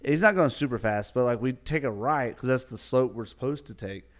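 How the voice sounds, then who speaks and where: A man's voice: medium pitch, fairly quick. A man, a youth minister hosting a podcast, tells a story casually and animatedly, with frequent chuckles and fillers.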